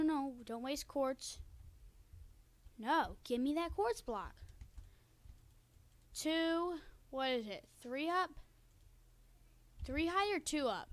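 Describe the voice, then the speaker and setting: High-voiced excitable woman gaming. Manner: chatty, excitable, talks to viewers. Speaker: gaming video creator. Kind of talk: casual Let's Play commentary. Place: home room by a window. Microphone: cheap desk microphone.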